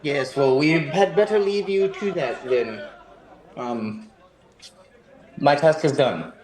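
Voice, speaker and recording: A man's voice: on the high side, slow pace, a little mellow, a faint crowd. A man taking part as a player, talking in character in a polite, formal way. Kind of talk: in-character tabletop play.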